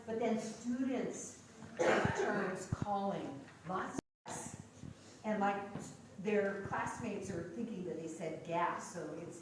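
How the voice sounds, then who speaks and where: Chatty woman teacher, echoey hall. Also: a little high. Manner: chatty, animated, many ums and restarts. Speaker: pronunciation teacher trainer. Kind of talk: workshop presentation. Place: large lecture room. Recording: echoey hall from far off with noise.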